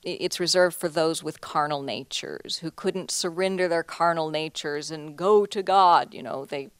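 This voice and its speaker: A woman artist talks casually about her paintings. Her voice sits low and the sound is close and dry, with no room around it. She chats along loosely, often laughing and restarting her sentences. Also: normal speed, clean tone, no echo. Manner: chatty, laughs often, many restarts and "you know". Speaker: artist giving a talk. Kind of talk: casual gallery talk. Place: museum lecture hall.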